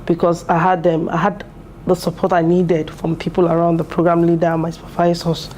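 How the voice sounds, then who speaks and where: A woman in her thirties speaks in a mellow, lowish voice, earnest and heartfelt as she describes her studies. She talks in an interview, with plenty of fillers and restarts. A faint ambient hiss sits behind her. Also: monotone, a little fast. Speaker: PhD student and mother. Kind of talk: interview testimonial. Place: university building.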